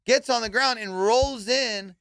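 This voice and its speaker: A man hosting a comedy podcast, telling a story in a profane, animated way and acting out the quotes. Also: very high-pitched, a little slow, vocal fry, clear, resonant tone, no echo, clean studio sound. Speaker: podcast host.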